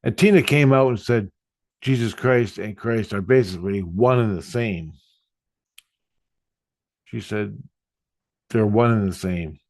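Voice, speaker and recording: Slow, profane man rambling close to the mic. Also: lowish voice, a little mellow, dry recording. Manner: profane, meandering, blunt. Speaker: spiritual vlogger. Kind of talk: rambling personal storytelling.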